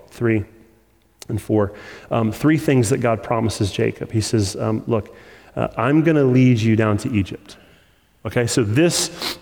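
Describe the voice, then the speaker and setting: Earnest pastor preaching in a reverberant hall. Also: male voice, mid-range voice, vocal fry, darkish tone. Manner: earnest, with repetition for emphasis and rising intensity. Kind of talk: sermon.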